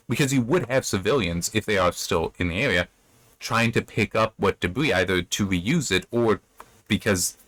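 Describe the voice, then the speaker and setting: Low-voiced man casually recapping a book. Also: fairly bright tone. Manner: loose retelling with frequent fillers and self-corrections. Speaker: book review host. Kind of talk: casual chapter recap and commentary.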